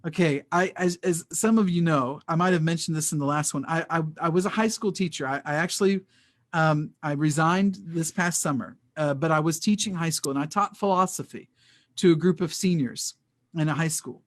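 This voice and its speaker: A man's voice: a little high, normal speed. A man telling an earnest, emotional faith testimony as a podcast guest, often repeating his words. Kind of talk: personal faith testimony in conversation.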